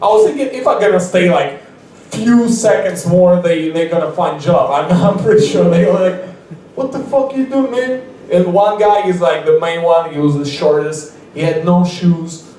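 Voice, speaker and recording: At an open mic, a young comic rambles through a story, laughing a lot and starting sentences over. He talks at a normal pace in a slightly high, somewhat mellow voice. The recording, made in an echoey room with a distant mic, carries a faint hiss or hum.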